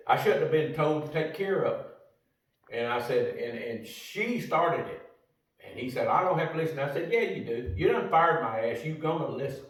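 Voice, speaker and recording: Older man, salty, echoey far mic. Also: on the high side. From United States. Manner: salty, profane, folksy. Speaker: storyteller. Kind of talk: casual storytelling. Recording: roomy echo from a distant mic.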